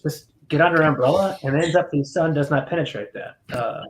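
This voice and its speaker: A man's voice: a little high, quick pace, a little hiss or hum. A man co-hosting a live podcast, joking with guests and steering the talk back to the book. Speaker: podcast co-host. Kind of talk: casual banter on a live podcast.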